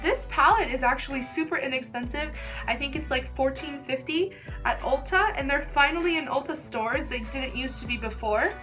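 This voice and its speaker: A woman's voice: high voice, moderate pace, over music. A young woman chatting casually through a makeup tutorial, gushing and filling her talk with "like.". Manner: chatty, gushing, filler-heavy "like". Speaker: beauty vlogger.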